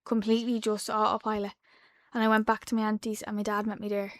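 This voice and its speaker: A woman in her twenties with an Irish accent, a podcast guest telling a personal story in a soft, halting way that drops to a hush. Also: mid-range voice, completely flat delivery, dry recording. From Ireland. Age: 20s. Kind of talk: emotional personal account. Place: podcast studio.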